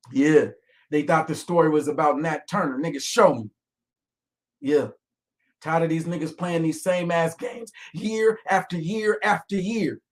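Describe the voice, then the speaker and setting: A man giving angry, profane commentary, often shouting, with calmer reflective stretches. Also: fairly high pitch. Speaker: online commentator.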